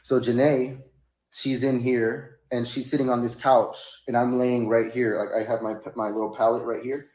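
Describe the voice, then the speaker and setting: A man telling a long personal story in a casual, rambling way, sometimes rising into high, loud bursts. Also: little pitch movement, normal speed. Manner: rambling, rising to high-pitched outbursts when quoting himself. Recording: echoey room.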